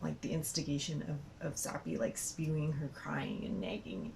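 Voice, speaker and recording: A woman's voice: deep voice, expressive, moderate pace, gravelly, darkish tone, slight background noise, poor audio. A young woman, a mother, rambling through a story to the camera with many fillers and frequent laughter. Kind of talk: casual storytelling.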